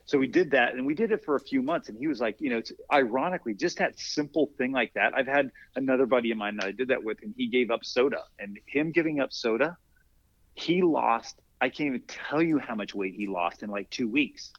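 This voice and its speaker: An older man, a masters athlete and former firefighter, telling stories in a relaxed interview and acting out the dialogue he quotes. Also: mid-range voice, fairly quick, no echo. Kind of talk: casual storytelling in an interview. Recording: dry, dull lo-fi podcast audio.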